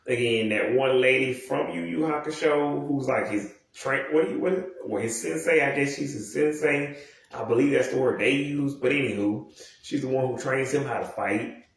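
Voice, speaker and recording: A man's voice: mid-range voice, moderate pace, creaky. A man in his thirties rambling casually and profanely, with many restarts and asides. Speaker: video commentator. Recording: very echoey room, mic far off.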